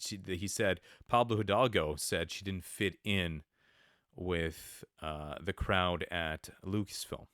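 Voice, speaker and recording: Brief: male podcast host, very low smooth voice, rambling sarcastic commentary. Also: fairly bright tone, dry recording, clean studio sound. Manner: rambling, many fillers, sarcastic asides. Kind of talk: casual commentary monologue.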